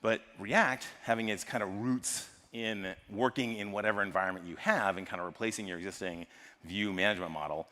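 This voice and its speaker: An American man giving a lively, joking tech talk at a live conference and quizzing the audience. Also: fairly low pitch, a little fast. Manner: lively, jokey, polls the audience. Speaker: conference speaker. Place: large conference hall. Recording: long hall reverb from a live stage.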